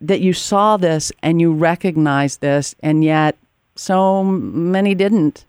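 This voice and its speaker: A woman's voice: lowish voice, takes it slowly, a little mellow, clean tone, dry recording, studio quality. A woman hosting a talk show and interviewing a guest, with an earnest, emphatic delivery. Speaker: radio show host.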